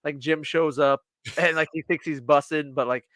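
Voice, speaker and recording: A man co-hosting a podcast, casually and excitedly retelling scenes from a TV show in a rambling way. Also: on the high side, normal speed, no room sound. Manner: excited, rambling, quotes characters. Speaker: podcast co-host. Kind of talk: casual chat, retelling episodes.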